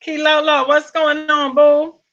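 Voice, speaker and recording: A woman's voice: high voice, little pitch movement, measured pace, a bit bright, dull audio, slight background noise. A woman with a Southern US accent hosting a casual livestream, greeting viewers by name and calling them pet names. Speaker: livestream host. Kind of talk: casual live-stream chat.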